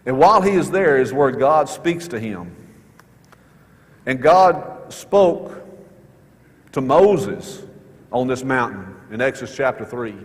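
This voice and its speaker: Man preaching a sermon in a reverberant hall. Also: medium pitch. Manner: earnest, repeats key questions for emphasis. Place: church sanctuary.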